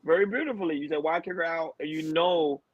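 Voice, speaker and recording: A man hosts a casual chat in an animated, slangy way and laughs easily, his voice sitting a bit high. The recording is dull and dry, with no room sound. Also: fast talker, vocal fry, slightly rough, no room sound. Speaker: podcast host.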